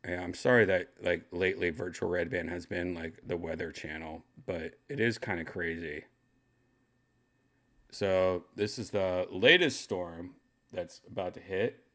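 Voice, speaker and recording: A man's voice: low voice, a little slow, a bit bright. An older man hosting a casual show from his home, rambling and joking crudely. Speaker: host. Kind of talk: casual chat. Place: second-floor home room.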